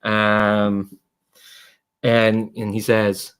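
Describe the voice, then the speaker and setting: A man narrates a tabletop game as its game master, rambling along in a relaxed way and laughing often. His voice sits slightly low. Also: normal speed.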